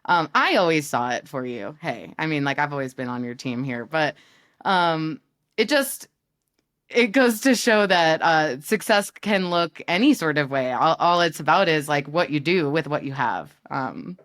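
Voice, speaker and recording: Guest, woman, 30s, from New York; low voice, chatty and teasing, quick to laugh. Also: expressive, a bit bright. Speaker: guest, business partner. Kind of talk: casual chat.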